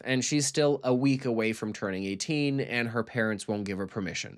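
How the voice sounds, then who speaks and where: A man giving a sarcastic, profane recap of a TV show, swinging from flat asides to loud outbursts. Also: medium pitch. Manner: snarky, profane, mocking. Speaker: TV recap commentator.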